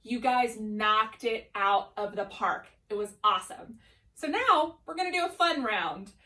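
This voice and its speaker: A woman's voice: a little high, unhurried, sharp tone. A young adult woman teaching a drama lesson to children, enthusiastic and encouraging. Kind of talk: upbeat classroom lesson.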